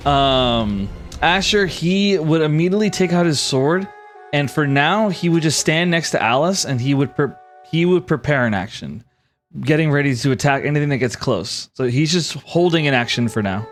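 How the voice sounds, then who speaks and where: A man narrating as game master, easygoing and quick to apologize. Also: on the high side, faint music behind. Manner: lively, apologetic, laughs easily.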